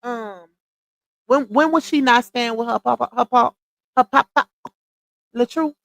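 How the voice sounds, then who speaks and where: A woman's voice: a little high, a little slow, creaky, dry recording, poor audio. A woman hosting a casual livestream, chatty, calling her viewers y'all and stopping often to dig up screenshots. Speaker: livestream commentary host.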